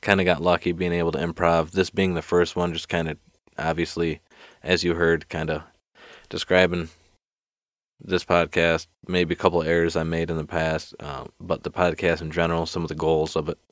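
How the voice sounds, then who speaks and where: A man's voice: low voice, flat delivery, normal speed, no echo. A man hosting a solo podcast, telling a joke in a rambling, self-deprecating way and laughing often. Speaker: podcast host.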